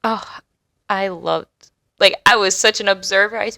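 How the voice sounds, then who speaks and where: A young adult woman co-hosting a podcast, recalling school days in expressive casual chat and laughing often. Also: mid-range voice, measured pace, vocal fry, no room sound. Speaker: podcast co-host.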